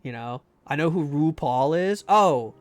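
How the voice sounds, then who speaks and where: A man's voice: on the high side, animated, a little slow. A man streaming a game live, rambling and joking with many fillers and restarts. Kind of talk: casual live-stream chat.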